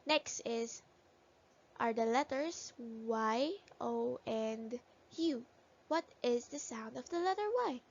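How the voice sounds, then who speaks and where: A woman's voice: a little high, takes it slowly. A woman teacher patiently sounding out letters and words in a phonics lesson for young children. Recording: dull lo-fi recording.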